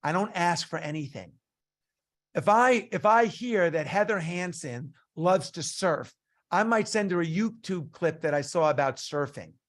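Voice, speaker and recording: Animated man telling a sales story. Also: sits high. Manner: storytelling, punchy and animated, acts out dialogue. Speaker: business coach. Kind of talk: online coaching session.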